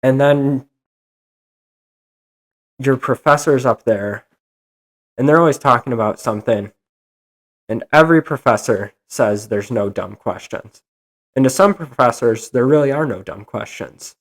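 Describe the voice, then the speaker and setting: Young man ranting on a podcast. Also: mid-range voice. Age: young adult. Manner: animated, exasperated ranting. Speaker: podcast host. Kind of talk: solo rant podcast.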